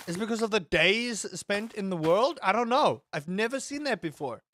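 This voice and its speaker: A man commentating his own game in a casual let's-play. He is excitable, swears freely and rambles in asides. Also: high voice, moderate pace. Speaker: gaming streamer.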